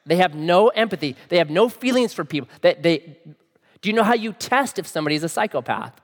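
Guy preaching a sermon, chatty, keeps asking the crowd stuff, voice kinda high, big echoey hall. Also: lively intonation, quick pace. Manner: conversational, asks the audience questions. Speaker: pastor.

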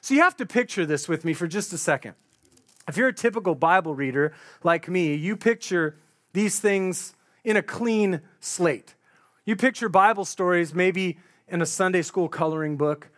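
A man with a notably high voice for a man, preaching a sermon. He retells a story in a loose, conversational way, painting the scene vividly for his listeners. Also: moderate pace, a bit bright.

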